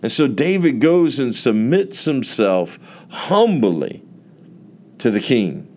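A man's voice: medium pitch, sing-song, darkish tone, a little hiss or hum. A man, a pastor giving an earnest, emotional testimony in a sermon. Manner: earnest, emotional storytelling with drawn-out emphasis.

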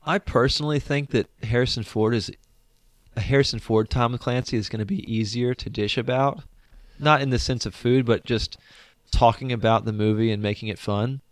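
A man's voice: mid-range voice, fairly even intonation, normal speed, no room sound. A man co-hosting a casual film review podcast, talking in a thoughtful, hedging way and restarting his words. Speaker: podcast co-host.

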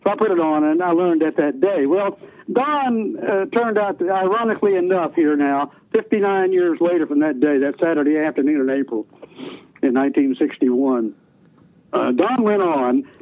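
A man's voice: a little high, animated, moderate pace. Older man on a tinny phone line. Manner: folksy, rambling, many restarts. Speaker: retired radio DJ guest. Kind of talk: storytelling interview.

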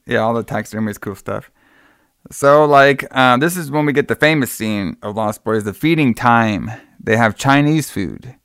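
Easygoing man with a smooth, resonant voice who rambles through a movie recap, full of fillers and swearing. The sound is dry and close. He speaks at a mid pitch. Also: moderate pace, a bit bright, dry recording. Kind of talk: casual movie recap chat.

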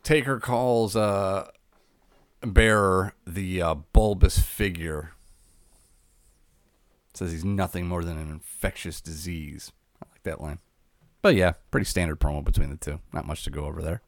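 A man with a very low, deep voice talks through a recap in an easygoing, plain way. The sound is close and dry, with no room around it. He keeps an unhurried, conversational tone. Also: fairly even intonation, no echo. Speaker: podcast co-host recapping wrestling. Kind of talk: casual chat.

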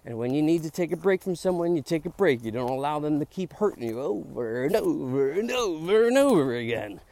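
A man's voice: a little high, big pitch swings, fairly quick, vocal fry, a little mellow, dry recording. Middle-aged Philly guy, chatty podcast host, walking outdoors, loose rambling delivery full of "dude". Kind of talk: casual walk-and-talk monologue. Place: outdoors on a park trail.

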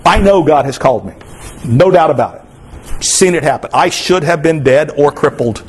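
A man's voice: a little high, expressive, normal speed, slightly rough. A man from Florida preaching a sermon in an earnest, repetitive cadence.

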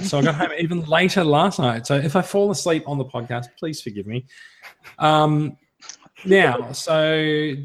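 An Australian man hosting a podcast, chatty with stumbling restarts and easy laughter. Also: medium pitch. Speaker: podcast host. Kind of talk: casual podcast chat.

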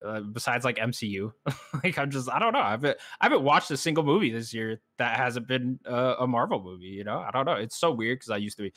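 A man co-hosting a gaming podcast in casual chat, talking in a relaxed, rambling way with many fillers. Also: medium pitch, quick pace. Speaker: podcast co-host.

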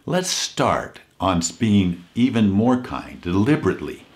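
A man giving an earnest inspirational talk, telling a story and slowing down to stress key points. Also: on the low side, sing-song. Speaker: motivational speaker.

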